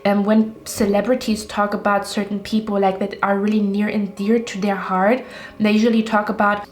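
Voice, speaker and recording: Female tarot reader, casual and reassuring, steady mid pitch with little melody. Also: moderate pace. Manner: rambling, reassuring, addresses viewers directly.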